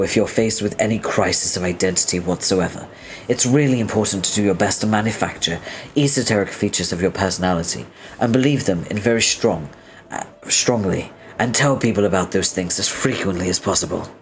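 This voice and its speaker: A man's voice: on the low side, brisk, a little hiss or hum, lightly acted. A man reading as a prim, long-winded young male troll inventor who talks in a formal, stiffly polite way.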